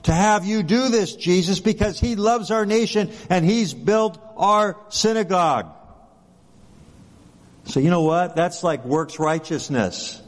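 Here the preacher's voice sits high and moves a little slowly. He delivers his sermon casually, posing rhetorical questions and regularly adding "right?", while long hall reverb surrounds the sound.

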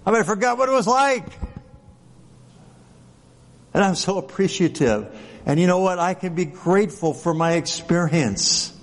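A man with a high, animated voice preaches a sermon as a pastor, talking at a moderate pace with long pauses. He keeps it conversational, tossing out rhetorical questions and often checking in with "right?" The recording carries a long hall reverb.

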